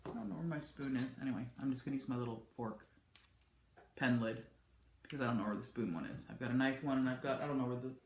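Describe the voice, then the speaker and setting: A woman vlogger with a rumbling low voice talks fast, chatting candidly to camera from her home office. She rambles and restarts often, and the recording is reverberant with background noise.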